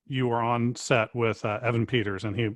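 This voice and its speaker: A man hosting a casual interview, asking questions in a halting way and repeating words as he thinks. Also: medium pitch, flat delivery, dry recording, clean studio sound. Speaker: interviewer host.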